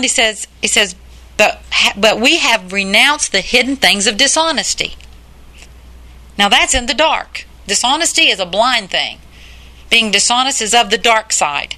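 A woman's voice: a little high, pushed and bright. An older woman preaching a sermon in an earnest, plain-spoken way, repeating her points for emphasis.

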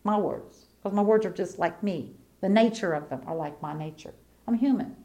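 A middle-aged woman preacher giving a sermon in a folksy, colloquial way. She repeats her key lines and moves between hushed storytelling and fervent preaching. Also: mid-range voice, moderate pace.

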